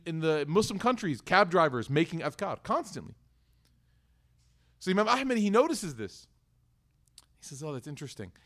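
A man in his young adulthood giving a religious talk, his voice sitting a bit high for a man. He speaks conversationally and slips into short acted dialogues as he tells stories. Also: fairly bright tone. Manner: conversational, acts out dialogues in storytelling. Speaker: Islamic teacher.

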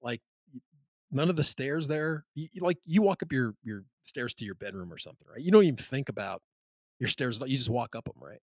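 A man on a podcast telling a long anecdote in casual chat, rambling and animated, full of restarts and "you know". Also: medium pitch, brisk, no echo. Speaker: podcast host.

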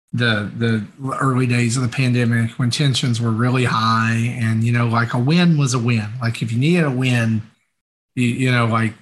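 A man telling a story on a podcast in a relaxed, chatty way, with plenty of fillers. He acts out the lines people said in the story. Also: mid-range voice. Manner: animated, acts out quoted dialogue, many fillers. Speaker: podcast co-host. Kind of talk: casual anecdotal storytelling.

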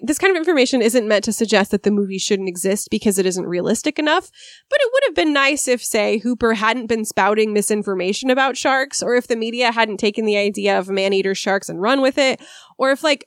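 A woman's voice: a little high, animated, brisk, no room sound, studio quality. A woman co-hosting a film podcast, talking casually and analytically with plenty of ums and likes. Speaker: podcast co-host.

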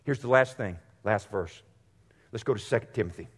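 In a church sanctuary with long hall reverb, a pastor with a lowish, husky voice preaches fairly quickly. He addresses his congregation earnestly and directly, repeating phrases for emphasis.

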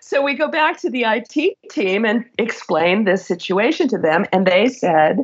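Husky-voiced woman telling work stories. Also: mid-range voice, moderate pace, few pauses, highs cut off. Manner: animated, laughs while telling stories. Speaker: guest, former HR executive. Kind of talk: conversational interview storytelling.

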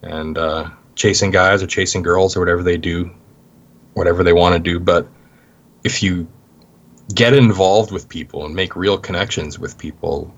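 A Canadian man, a guest in an interview, telling stories in a relaxed way with plenty of "you know" fillers. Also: low voice, normal speed, dull audio. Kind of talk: casual interview talk.

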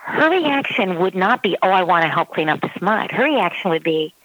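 A woman's voice: lowish voice, lively intonation, normal speed, a bit bright, no echo, rough recording. A woman parenting expert giving advice in casual talk who acts out her child's voice in quotes. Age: adult parent.

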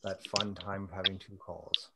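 A man's voice: low-pitched, little pitch movement, normal speed, vocal fry, crowd noise. A man teaching a Bible study in casual chat, thoughtful and often breaking off mid-thought. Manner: thoughtful, self-interrupting, chatty.

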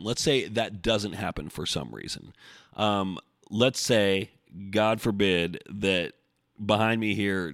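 Male podcast host, lower register, dry and close, casual profane rambling monologue. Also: dry recording. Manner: blunt, profane, rambling with restarts. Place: home, recording before the gym.

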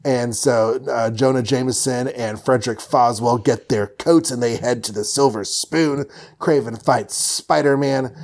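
A man's voice: medium pitch, measured pace, darkish tone. Brief: male host, loose jokey comic recap, lots of ums. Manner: rambling, joking, many fillers.

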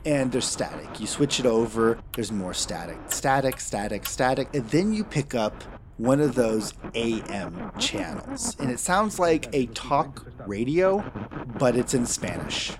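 A man's voice: mid-range voice, very animated, unhurried, noisy background. A man running a tabletop game as game master, narrating scenes with dry, wry asides.

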